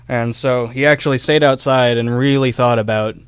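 A man's voice: mid-range voice, steady tone, moderate pace, smooth, no room sound. A young man co-hosting a casual history podcast, telling a story loosely with fillers and small laughs. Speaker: podcast co-host.

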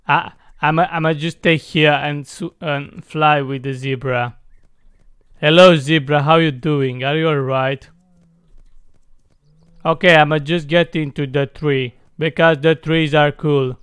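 An excitable young man commenting on his gameplay in a high, clear voice, talking slowly between loud yelps. The recording is close and dry. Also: no echo. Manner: playful slangy talk. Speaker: gamer.

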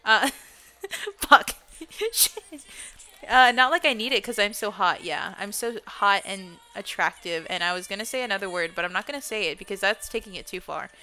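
A woman's voice: medium pitch, brisk, hardly any pauses, bright, forceful tone. Foul-mouthed young woman streamer. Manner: swears constantly, laughs, playful. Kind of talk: casual gameplay chat.

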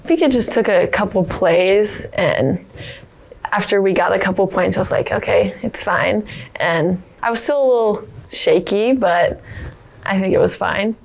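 A teenage girl volleyball player calmly recounting an injury in an interview, matter-of-fact. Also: medium pitch, unhurried, gravelly. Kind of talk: documentary interview.

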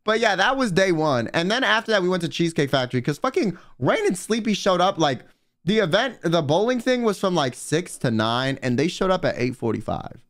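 A young man, a livestreamer, telling a story in a casual, animated and profane way. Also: sits high, brisk. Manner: animated, profane, swings loud and quiet. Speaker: vtuber and livestreamer.

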